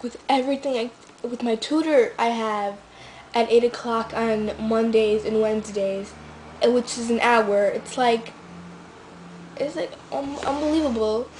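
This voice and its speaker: A woman's voice: on the high side, a little mellow, slight background noise, low-quality recording. A teenage girl telling a rambling vlog story, full of fillers and restarts. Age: teens. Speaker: vlogger.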